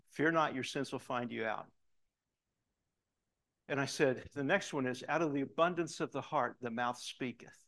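A middle-aged man preaches with a storyteller's pull, recounting an old police case and slipping into the voices of the people in it. His delivery is animated and conversational, with a voice of ordinary middle pitch. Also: normal speed. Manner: animated storyteller acting out dialogue. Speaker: preacher, former police detective. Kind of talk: storytelling sermon.

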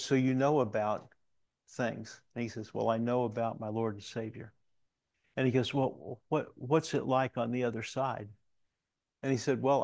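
Gravelly-voiced pastor preaching a folksy sermon. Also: male voice, mid-range voice, darkish tone, dry recording. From Alaska, USA. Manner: folksy storytelling with halting restarts.

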